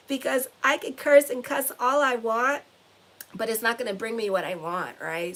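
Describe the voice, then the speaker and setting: A middle-aged astrologer and tarot reader of Haitian heritage gives her viewers a casual motivational talk, blunt and cursing freely, repeating phrases for emphasis. Her voice sits on the high side and is a bit bright, at a normal speed.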